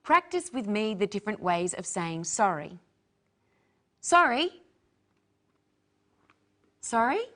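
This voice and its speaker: A woman co-hosting a scripted English lesson, modelling each phrase clearly for learners to repeat. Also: mid-range voice, very animated, moderate pace, few pauses, a bit bright. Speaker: English teacher, co-host.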